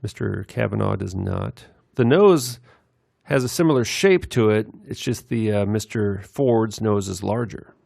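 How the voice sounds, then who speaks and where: A man giving rambling commentary over video clips, meandering with many filler pauses. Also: fairly low pitch, gravelly, darkish tone, dry recording, clean studio sound.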